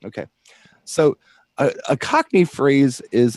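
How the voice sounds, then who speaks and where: A man's voice: mid-range voice, expressive, takes it slowly, darkish tone, no echo. A man co-hosting a DJ show in casual chat, explaining things at length with enthusiasm. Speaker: DJ co-host.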